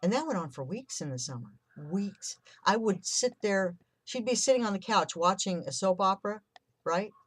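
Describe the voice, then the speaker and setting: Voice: mid-range voice, lively intonation, moderate pace, a bit bright, no room sound. A person in their fifties telling a painful childhood story candidly and emotionally, swearing now and then. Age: 50s. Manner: candid and emotional, swears, acts out remembered quotes. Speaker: vlogger sharing a personal story.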